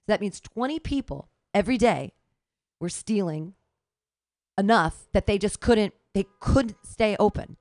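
A woman co-hosting a podcast, telling stories in a lively, indignant way. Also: mid-range voice, measured pace, dry recording, clean studio sound. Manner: animated, indignant storytelling. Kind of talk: casual chat.

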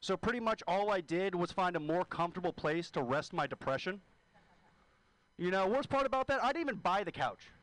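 A man's voice: high-pitched, lively intonation, brisk, fairly bright tone, poor audio. A man doing crude, self-deprecating stand-up at a comedy venue. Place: comedy venue, live audience.

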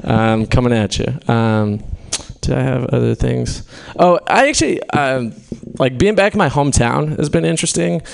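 A man's voice: medium pitch, animated, normal speed, vocal fry. A young man from California doing a stand-up set in a small venue, rambling, swearing often and laughing at his own jokes. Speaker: stand-up comedian. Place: small comedy venue with a live audience.

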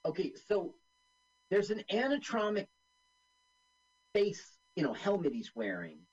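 A man with a slightly high, husky voice talks loosely over a film with a co-host. His pitch swings a lot as he jokes and slips into quick silly voices. The recording sounds muffled and lo-fi. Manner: animated, jokey, does quick silly voices. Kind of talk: casual movie commentary chat.

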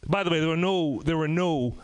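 A man from Trinidad and Tobago doing a stand-up comedy set, telling loud, profane stories in an animated way. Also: fairly high pitch, brisk, clear, resonant tone.

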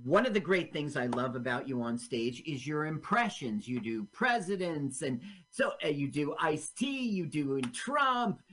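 A man's voice: a little high, big pitch swings, unhurried, few pauses, a bit bright, a little hiss or hum. A man hosting a radio show and interviewing a guest. He gives short, encouraging replies and asks open questions. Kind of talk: casual interview chat.

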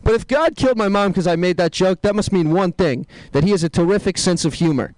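A man doing a stand-up comedy set, telling dark jokes deadpan and tossing asides to the crowd. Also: high voice, quick pace, low-quality recording.

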